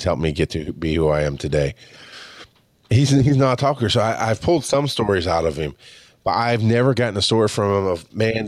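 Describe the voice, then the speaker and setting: Expressive, lower-voiced male podcaster. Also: dry recording, studio quality. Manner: expressive, swears casually, acts out quoted dialogue. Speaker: podcast host. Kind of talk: personal storytelling monologue.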